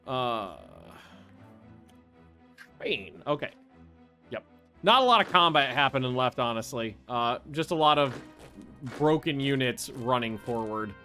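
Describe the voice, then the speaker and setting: A man giving casual, chatty commentary on his strategy game, thinking aloud and getting easily excited. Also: medium pitch, measured pace, pauses often, faint music behind. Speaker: video game streamer. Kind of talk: casual let's-play commentary.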